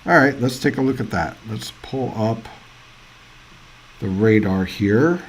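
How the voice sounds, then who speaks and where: A man hosting live weather coverage, chatty and excitable, thinking out loud as reports come in. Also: lowish voice, measured pace, slight background noise. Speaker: weather livestream host. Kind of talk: casual live weather commentary.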